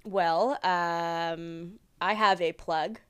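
A woman's voice: lowish voice, steady tone, drawn-out words, clean tone. A young woman co-hosting a podcast, chatting wryly, laughing often and swearing casually. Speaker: podcast co-host. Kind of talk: casual chat.

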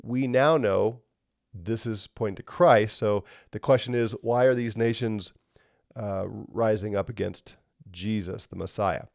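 A man's voice: lowish voice, steady tone, measured pace, creaky, a little mellow, no room sound, clean studio sound. A man teaching a Bible lesson in a conversational way, often checking in with the listener.

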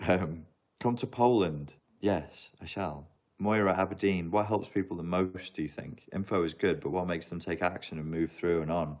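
A man's voice: deep voice, fairly even intonation, normal speed, darkish tone. A man hosting a casual livestream, reading out viewer questions and answering them with jokes and frequent laughs. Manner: jokey, laughs often, reads out chat questions.

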